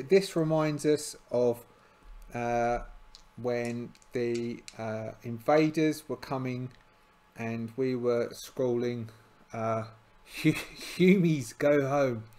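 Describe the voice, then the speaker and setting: A man's voice: medium pitch, warm tone. A tired man narrating a solo tabletop game, hesitant and full of fillers and restarts.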